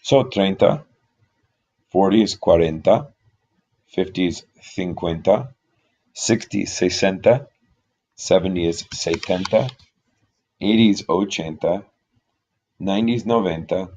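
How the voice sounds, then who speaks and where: A man's voice: sits low, a little mellow, lo-fi sound. A man teaching Spanish numbers, patient and methodical, explaining step by step. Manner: slow, patient, talks through examples step by step. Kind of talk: explaining at a board.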